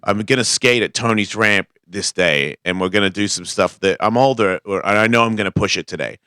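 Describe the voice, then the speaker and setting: Guy telling a wild story on a radio show, bright crisp voice, acts out all the voices, dry studio sound. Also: fairly low pitch, fairly quick, no echo. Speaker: guest skateboarder. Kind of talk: casual storytelling.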